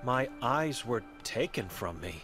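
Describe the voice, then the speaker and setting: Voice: medium pitch, expressive, measured pace, fairly bright tone, soft background music. A game voice actor playing an old blind, mute woman who speaks in grim, clipped fragments. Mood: guilt-ridden. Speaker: game character.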